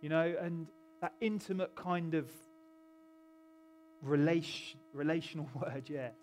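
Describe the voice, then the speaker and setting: Middle-aged guy preaching in church, bit high pitched, chatty and jokey, keeps breaking off to banter. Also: unhurried, a little mellow. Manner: chatty, self-interrupting, jokes with the congregation. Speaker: pastor. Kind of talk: sermon. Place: church hall.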